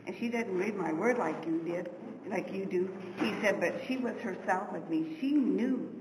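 A woman's voice: mid-range voice, normal speed. A woman sharing a heartfelt personal faith testimony in a Bible class, telling her story earnestly. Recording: roomy hall with background noise.

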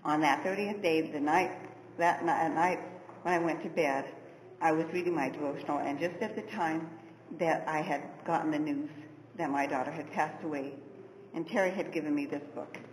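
A woman with a fairly low voice tells a personal faith story in a heartfelt, earnest way. She sounds roomy and distant, as if in a hall with a long reverb. Steady background noise runs under her voice. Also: moderate pace. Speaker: class member sharing testimony. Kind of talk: personal faith testimony in a Bible class.

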